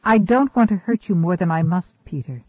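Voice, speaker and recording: A man reads an ageless, secretive woman scientist who speaks in a calm, measured, quietly firm way. The voice sits high, with a tinny, phone-like narrow band. There is no room sound at all. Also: dry recording. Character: centuries-old secretive woman scientist, composed and cool.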